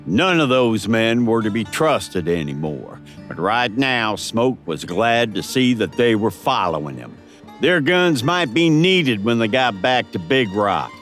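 A man narrating a western audiobook in a dramatic, expressive storytelling manner. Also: lowish voice, a little slow, soft background music.

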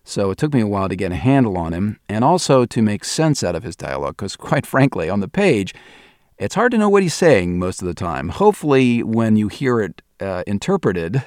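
Man, very low voice, dry close studio sound, hesitant interview answers, voice actor and director. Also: big pitch swings, fairly quick, darkish tone, dry recording. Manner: hesitant, thinking aloud with many restarts. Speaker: audio drama director and voice actor.

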